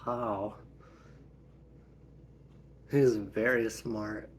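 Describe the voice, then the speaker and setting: A man acting out a family story as the father, talking in a gentle, unhurried way. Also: lowish voice, steady tone, slight background noise. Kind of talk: family role-play storytelling.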